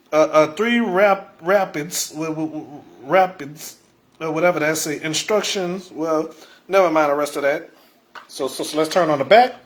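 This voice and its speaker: A man talks casually to his livestream viewers, tripping over and repeating his words and chuckling often. His voice sits a little high. The camera mic picks him up in an echoey room at home. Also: measured pace, a bit bright. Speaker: livestream host.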